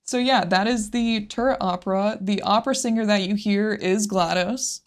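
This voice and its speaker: Speaking at a moderate pace and medium pitch, a podcast co-host reflects on a game in a relaxed conversation. She laughs a lot and gets emotional without holding back.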